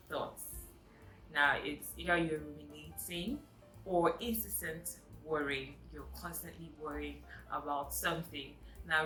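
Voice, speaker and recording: A woman's voice: on the low side, roomy sound, poor audio. A woman vlogger giving a chatty, emphatic self-help talk straight to her viewers.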